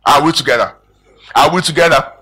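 A man preaching a sermon, animated and emphatic, calling out questions to his congregation. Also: on the high side, a little fast, breathy edge. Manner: emphatic, animated preaching with rising and falling volume.

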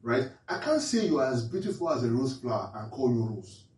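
This pastor's medium-pitched, darkish voice swings widely in pitch as he moves fairly quickly through an interactive Bible-teaching sermon, quizzing the listeners repeatedly. The mic is distant and the room reverberates.

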